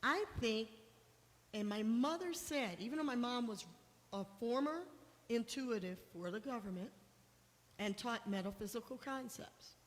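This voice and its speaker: A woman's voice: a little high, lively intonation, measured pace. Middle-aged woman telling an emotional testimony in a reverberant hall. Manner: emotional storytelling, voice rising when quoting herself. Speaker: guest speaker sharing testimony. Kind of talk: personal testimony talk. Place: church hall.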